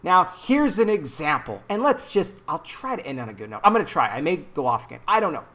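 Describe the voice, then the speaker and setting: A man's voice: on the high side, big pitch swings, fairly quick, pushed and bright. Guy ranting into his mic, angry and sarcastic, gets preachy. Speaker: political commentary vlogger. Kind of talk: ranting commentary. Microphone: own microphone.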